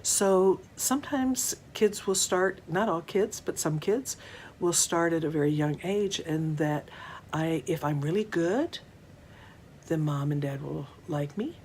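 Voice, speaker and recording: A middle-aged woman with a notably low voice gives a conference talk as a counselor. She speaks gently and deliberately, pausing often and taking her time between phrases. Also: slight background noise. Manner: gentle, measured, with unhurried pauses. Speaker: mental health counselor.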